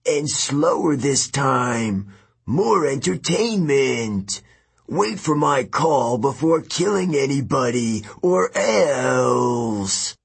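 Antaeus, a slow booming giant, as a man puts him on. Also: animated, gravelly, slightly rough, exaggerated voice. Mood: gloating. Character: huge brutal male giant, arena lord. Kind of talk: audiobook narration.

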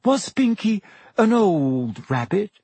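A man's voice: high-pitched, big pitch swings, takes it slowly, darkish tone, slightly rough, no room sound, pitched above the performer's own voice, heavily acted. A man voicing an earnest, logical teenage girl who reasons anxiously and precisely in a storybook reading. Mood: reasoning.

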